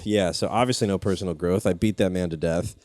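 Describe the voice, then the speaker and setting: A young man hosting a comedy podcast, telling rambling anecdotes in casual chat, swearing and jumping up in pitch when excited. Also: quick pace, slight background noise. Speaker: podcast host.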